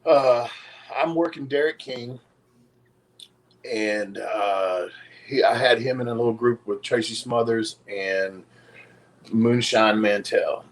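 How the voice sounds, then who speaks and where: A man's voice: mid-range voice, takes it slowly, long pauses, low-quality recording. Laid-back middle-aged man telling stories. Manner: profane, laid-back, chuckling between stories. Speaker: podcast guest, retired pro wrestler. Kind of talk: casual storytelling.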